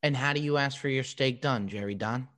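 A man's voice: mid-range voice, fairly quick, a bit bright. A man hosting a podcast, ribbing his guest in a teasing, hyped-up casual chat. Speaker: podcast host.

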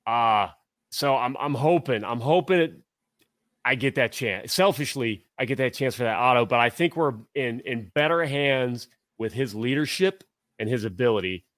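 A man's voice: medium pitch, animated, moderate pace, fairly bright tone, no echo. Rambling storytelling man, dry sound. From Tennessee and Ohio. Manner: rambling, storytelling, self-interrupting. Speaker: podcast co-host. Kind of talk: casual sports chat.

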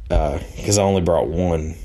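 A man's voice: low-pitched, normal speed, warm tone. A man telling a personal anecdote in a rambling, casual way, full of fillers and laughing at himself. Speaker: storyteller.

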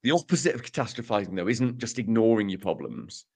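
A man's voice: on the low side, expressive, quick pace, darkish tone. A man co-hosting a casual podcast, summing up research with wry, self-mocking jokes. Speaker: podcast co-host presenting research.

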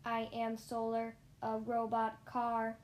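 A woman voicing a calm, polite female robot car in a storybook reading, speaking slowly and formally. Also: on the high side, roomy sound. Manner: slow, measured, formal speech.

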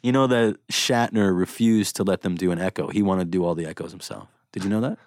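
A man's voice: deep voice, fast, darkish tone, no echo, studio quality. A man hosting a casual chat, rambling and joking with frequent laughs and swearing. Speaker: podcast host.

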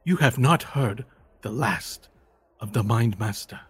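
A haughty villain speaks in slow, threatening tones and sounds a little husky, as a man plays him. He is a sore loser in a tabletop role-play. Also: medium pitch, soft background music. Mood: indignant. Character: arrogant male villain fighter, sore loser.

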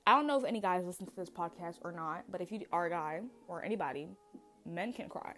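Young female podcast host, low-pitched, blunt, casual, faint music underneath. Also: lively intonation, quick pace, sharp tone. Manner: chatty, blunt, many fillers. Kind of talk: casual solo podcast talk.

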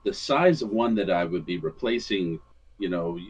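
Deep-voiced male player, rambling and filler-heavy, dull lo-fi audio. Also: animated, normal speed, husky. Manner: rambling, many "you know" fillers. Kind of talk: casual tabletop play. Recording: dull lo-fi mic.

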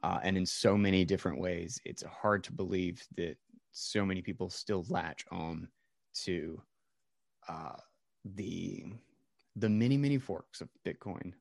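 A man's voice: sits low, measured pace, vocal fry, no echo, studio quality. A man hosting a casual podcast chat, rambling with many fillers and restarts.

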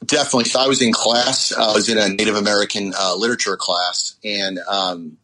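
A man in his forties speaks in a low, forceful voice with a bright edge. He recalls events haltingly, full of fillers and restarts, as an interview guest. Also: steady tone, low-quality recording. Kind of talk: personal recollection interview.

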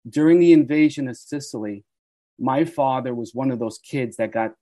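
A man in his sixties from the United States, a guest telling animated stories in an interview. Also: mid-range voice, moderate pace, no room sound. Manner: animated storyteller who acts out quoted voices. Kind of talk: storytelling interview.

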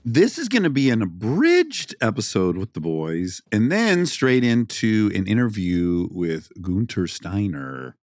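A man's voice: on the low side, a little slow, hardly any pauses, no echo, studio quality. A man hosting a podcast in casual chat, telling stories with animation. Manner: animated, storytelling. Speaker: podcast host.

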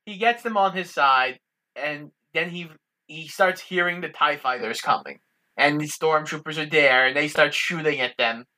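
Bright-voiced woman summarizing a plot. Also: sits low, moderate pace. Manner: steady, matter-of-fact plot summarizing. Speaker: podcast co-host. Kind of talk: casual film recap, plot narration.

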